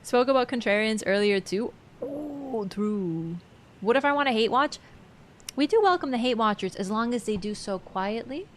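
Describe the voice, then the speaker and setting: A woman's voice: fairly high pitch, animated, normal speed, a little hiss or hum. A woman streaming a game, chatting casually with her viewers and laughing often. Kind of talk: casual live-stream chat.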